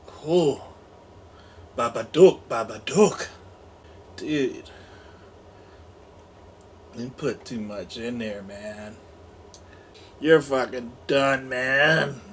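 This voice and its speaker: A man in his forties drawls through an unboxing in a slow, unhurried way, padding his lines with "you know" and easy jokes. His voice sits at an ordinary middle pitch. A faint hiss lies under his talk. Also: fairly bright tone. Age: 40s. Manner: laid-back, jokey, full of fillers and asides. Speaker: unboxing channel host. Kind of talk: casual rambling vlog talk.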